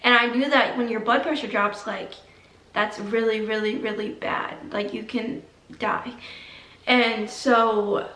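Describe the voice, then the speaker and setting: A woman's voice: on the high side, fairly even intonation, a little slow, sharp tone. A young woman vlogger telling a personal story to camera in a chatty, dramatic way, with lots of "like"s. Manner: chatty, dramatic retelling with many "like"s. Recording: echoey room, mic at a distance.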